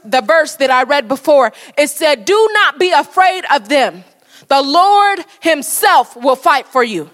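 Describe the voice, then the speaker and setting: Woman preaching, high voice, keeps hammering the same lines, fired up. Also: fairly bright tone, long reverb tail. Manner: fervent, repetitive exhortation. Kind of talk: sermon.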